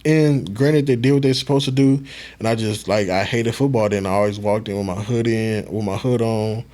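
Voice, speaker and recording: Relaxed male podcast guest, former football player, loose storytelling. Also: lowish voice, normal speed. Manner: laid-back, swears casually, acts out quotes. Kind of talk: casual storytelling.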